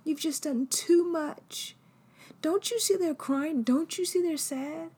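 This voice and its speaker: A woman doing a shrill scolding bystander. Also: slow, dark tone. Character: indignant onlooker scolding a coworker.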